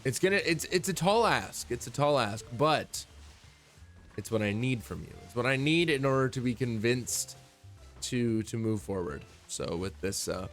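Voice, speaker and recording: A man's voice: medium pitch, animated, normal speed, fairly bright tone, soft background music. A man chatting casually on a stream, rambling and laid-back and swearing freely.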